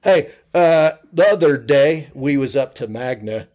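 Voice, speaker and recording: A man's voice: medium pitch, lively intonation, measured pace, a little mellow, voice pushed up, close to an everyday voice. A man voicing a rural Utah man with a Spanish Fork accent, rambling about fishing gear in ungrammatical talk. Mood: chatty. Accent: Utah County, Spanish Fork.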